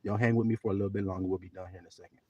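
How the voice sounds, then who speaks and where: A man preaching on a livestream, swinging from soft talk to shouting and drawing out scripture slowly. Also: sits low, fairly even intonation, husky, no echo, highs cut off. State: teary. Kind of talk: livestream sermon.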